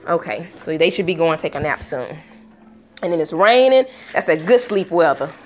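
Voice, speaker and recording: A woman casually telling a storytime vlog at home, acting out quotes with sudden pitch jumps and breaking off to talk to her young children. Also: normal speed, faint music behind. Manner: talks to her toddlers between story bits. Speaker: vlogger.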